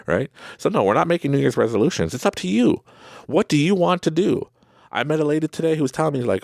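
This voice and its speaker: A man with a Canadian accent hosting a podcast, giving an animated, conversational motivational monologue and laughing often. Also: fairly high pitch, a little fast, vocal fry, no room sound, studio quality. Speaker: podcast host.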